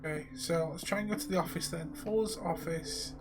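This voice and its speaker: A man's voice: fairly high pitch, steady tone, a little fast, over music. A man casually commentating a live game stream, joking with viewers. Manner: casual, jokey, addresses viewers.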